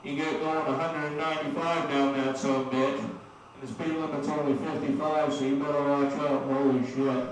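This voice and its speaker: A man's voice: fairly high pitch, level tone, normal speed. Male comic, rambling and cursing, recorded from a distance in an echoey room with faint noise. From Maine. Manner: rambling, profane, laughs at his own jokes. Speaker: stand-up comedian. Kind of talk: stand-up set.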